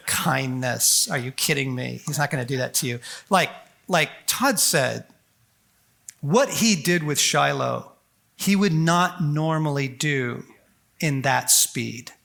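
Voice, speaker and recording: A man speaking at a conference on faith, animated and folksy, full of quick asides and acted-out prayers. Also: a little high, gravelly. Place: large conference hall.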